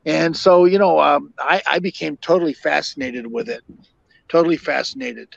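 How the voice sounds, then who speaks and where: An older man, a podcast guest and former fire captain, telling long stories in a halting way with many fillers and restarts. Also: a little high, gravelly. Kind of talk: storytelling interview. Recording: dull lo-fi dry sound.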